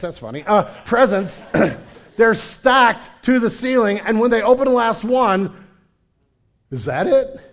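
Animated preaching man, fairly high voice. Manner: animated storytelling preacher, acts out quoted voices. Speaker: pastor. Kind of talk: sermon.

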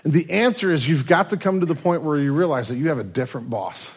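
A man's voice: fairly high pitch, animated, quick pace, slightly rough. A pastor preaching a sermon in a conversational way, acting out little everyday scenes and often restarting his sentences.

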